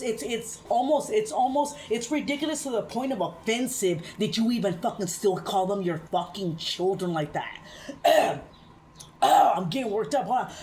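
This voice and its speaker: A woman's voice: medium pitch, darkish tone, a little hiss or hum. A woman vlogger giving heated, profane reaction commentary, sipping a drink as she talks. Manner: profane, fast-rising ranting; drinking beer while talking.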